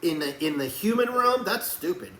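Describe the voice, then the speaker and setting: A man preaches with a fairly high, lively voice that leaps between hushed pleading and fiery shouting. His sermon rings around an echoey room with a faint hum of noise behind him. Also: moderate pace.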